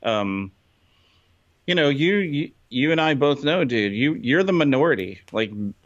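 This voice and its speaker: A man's voice: mid-range voice, lively intonation, unhurried. A man co-hosting a podcast, talking bluntly and casually in slang. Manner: blunt, slangy, calls people dude. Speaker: podcast co-host. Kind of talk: casual chat. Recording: slightly dull lo-fi sound.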